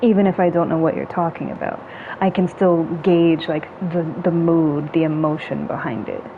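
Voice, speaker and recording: Woman, casual chat, chatty, fillers and hums, lowish voice, dull lo-fi sound. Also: normal speed. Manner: relaxed, chatty, heavy use of "like" and hums; playful with tone, acting out little sounds. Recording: dull lo-fi sound with faint noise.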